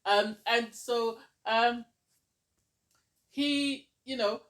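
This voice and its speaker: A man with a notably high voice talks through a reality show episode in a loose, casual recap. He gushes and exclaims as he goes, in an easy, chatty review style. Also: fairly even intonation, very slow, a bit bright.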